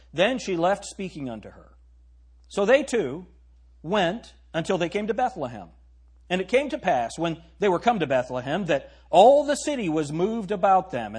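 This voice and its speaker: Husky preacher man reading scripture. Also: a little high, big pitch swings, moderate pace, a little mellow. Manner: reads old-style scripture, breaks off for joking asides to the congregation. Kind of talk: sermon reading scripture aloud.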